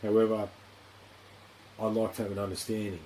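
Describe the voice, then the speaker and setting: Speaking fairly quickly in a warm, low-leaning voice with a level tone, an Australian man hosts a studio podcast. His casual interview talk is rambling and blunt, peppered with swearing and endless "you know"s. The recording is rough, with a little background noise.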